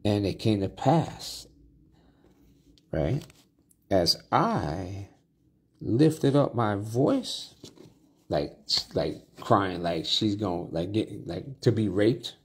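A man's voice: deep voice, lively intonation, slow, vocal fry, husky. A man preaching a Bible study sermon, reading scripture aloud and then explaining it in plain talk with restarts and asides.

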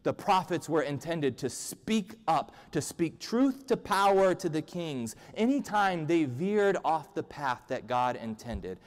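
A man's voice: on the high side, expressive, unhurried, hardly any pauses. A male pastor giving a humorous, conversational sermon in a church. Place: church sanctuary. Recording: long church-hall reverb.

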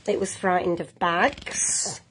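A woman reading a picture book aloud to children, gently adding little asides to young viewers. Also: lowish voice, steady tone, slow, slight background noise. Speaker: storyteller.

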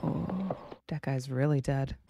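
A woman's voice: extremely low pitch, takes it slowly, gravelly, dull audio, background noise. A woman hosting a casual movie reaction, giggling and reading the on-screen text aloud. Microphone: headphones, close desk mic.

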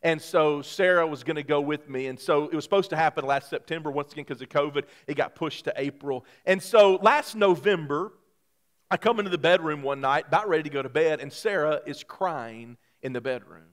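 A man, a pastor preaching a sermon who tells a personal story in an animated way, his voice climbing high and loud when he gets excited. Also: a little fast.

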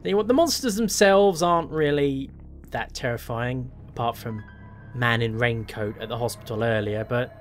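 A man's voice: mid-range voice, normal speed. A man playing a horror game and commenting on it, wry and self-mocking as he thinks aloud. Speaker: gameplay commentator. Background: faint game music.

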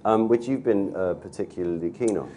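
A man co-presenting an online talk, chatty and joking with quick quips. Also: fairly low pitch, warm tone.

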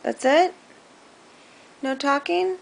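A woman's voice: sits high, takes it slowly, gravelly, a little hiss or hum. A woman coaxing her baby in a home video, with sing-song baby talk. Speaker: mother talking to her baby.

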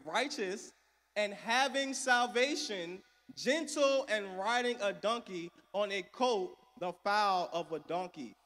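High-voiced preacher in an echoey church. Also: male voice, takes it slowly. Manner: call-and-response preaching, swings between loud and soft. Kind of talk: sermon. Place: church sanctuary.

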